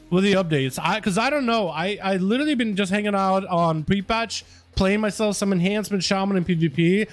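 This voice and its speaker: With a high voice, a young male gaming streamer greets his chat in a rambling, casual way, swearing freely. Quiet music sits softly in the background as he keeps up his loose, profane banter with viewers.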